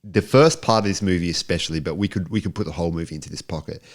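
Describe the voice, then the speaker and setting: A man's voice: deep voice, rapid-fire. A man co-hosting a podcast, chatting about a film in a laid-back, wry way and offering facts. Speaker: podcast co-host. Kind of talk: casual movie review chat.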